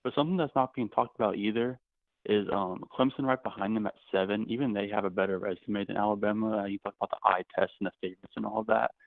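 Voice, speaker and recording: A man's voice: fairly low pitch, steady tone, quick pace, vocal fry, no room sound. A man calling in to a sports show, talking football casually and politely. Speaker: caller. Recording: tinny phone line.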